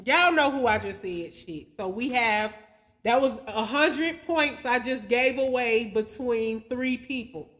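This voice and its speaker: A woman's voice: a little high, measured pace, fairly bright tone. A woman hosting a casual livestream, chatting loosely with viewers in slangy talk, chuckling often and spelling out their names letter by letter. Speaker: livestream host.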